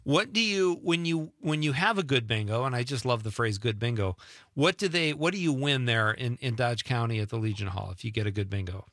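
A man's voice: medium pitch, animated, a little fast, a bit bright, no echo, studio quality. A man hosting a late-night radio show, chatting casually and joking as he reads listener texts aloud.

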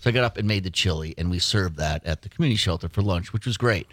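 Low-voiced rambling radio co-host man. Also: fast talker, a bit bright, no room sound. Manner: rambling storyteller, repeats words. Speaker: co-host, mayor. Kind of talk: casual radio chat.

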